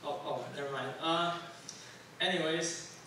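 A man's voice: a little high, steady tone, unhurried, pushed and bright, slight background noise. A young man from Taiwan doing a stand-up comedy set, rambling and self-deprecating with lots of fillers, on a club stage. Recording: very echoey room, distant mic.

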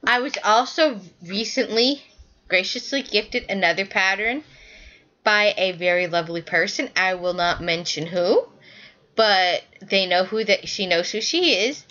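A woman's voice: medium pitch, a little slow, bright, forceful tone, lo-fi sound. A woman hosting a knitting podcast, chatting casually and rambling as she shows her work to the camera, often correcting herself mid-sentence.

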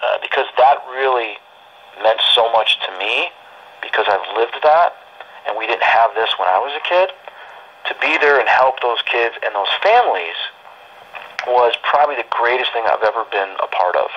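A man's voice: medium pitch, expressive, moderate pace. A man telling a personal story in a casual, rambling, emotional way, full of restarts, on dull lo-fi audio.

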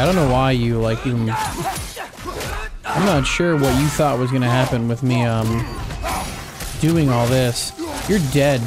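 A young man giving casual let's-play commentary, trash-talking enemies with lots of swearing and joking asides. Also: medium pitch. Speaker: gaming channel host. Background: game music and combat sounds.

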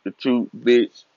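A man's voice: medium pitch, no room sound. A man in his twenties on a casual, profane rant, trash-talking and swearing freely. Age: 20s. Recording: dull lo-fi recording.

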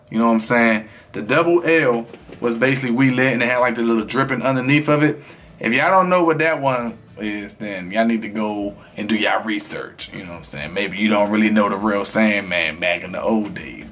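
A man's voice: medium pitch, fairly bright tone. A man streamer in casual chat with his viewers, talking in a loose, rambling way full of fillers.

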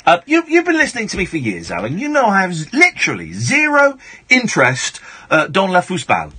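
A man's voice: high-pitched, wildly swooping pitch, fairly quick, bright, forceful tone, husky. A man hosting a late-night phone-in radio show, rambling and joking, with bursts of mock outrage. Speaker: radio host. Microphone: studio mic.

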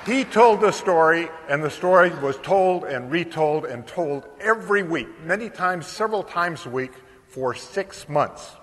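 An older man giving a keynote speech at a conference, telling a story in a lively way and often pausing on fillers. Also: fairly high pitch, some chatter behind, slight background noise. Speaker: keynote speaker. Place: large conference hall. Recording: long hall reverb.

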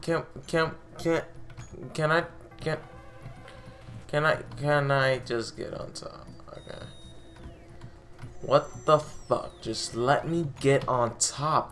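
A man's voice: fairly high pitch, fairly even intonation, takes it slowly, long pauses, a bit bright. A man commentating his own game playthrough, easily frustrated and cursing constantly, over faint game music. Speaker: gaming channel host. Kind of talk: let's play commentary.

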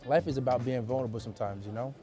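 A man's voice: medium pitch, racing, over music. A man talking casually to the camera in a mock-sincere, joking way. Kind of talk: casual vlog talk to camera.

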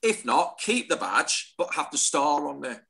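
A man's voice: a little high, sing-song, unhurried, gravelly, sharp tone. A man in a casual chat, blunt and to the point. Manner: blunt, short statements. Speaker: podcast guest.

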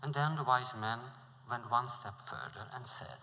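A middle-aged man giving a lecture, telling a story in a measured, deliberate way. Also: mid-range voice, sharp tone. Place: lecture hall before an audience. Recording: reverberant lecture hall.

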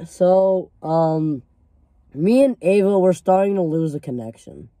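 Teen boy vlogger, warm mellow tone, dry close sound, rambling and swearing. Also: high-pitched, animated, slow, no room sound. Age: teenager. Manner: rambling, filler-heavy, swears freely. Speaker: storyteller. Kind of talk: casual storytime vlog.

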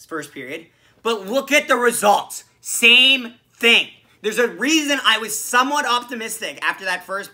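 A man hosting a solo hockey podcast, ranting about a loss with sarcasm and swearing, a bit hoarse from screaming. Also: high-pitched. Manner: animated, swearing, frustrated, sarcastic. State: losing his voice from screaming. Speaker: podcast host. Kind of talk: solo sports reaction rant.

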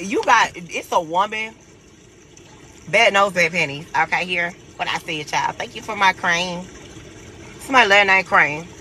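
Casual tarot vlogger, male, high bright voice, brash and profane, light hiss behind. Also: rough recording. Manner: profane, animated, laughs a lot. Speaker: tarot reader. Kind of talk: casual tarot reading for viewers.

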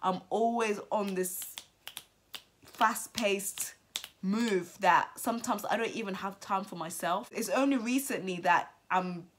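Talking to camera through its built-in mic, this twentysomething vlogger and entrepreneur reflects on her birthday, repeating phrases to stress them and nearly crying at moments. Her medium-pitched voice moves a little slowly, with a bit of hiss or hum in the recording.

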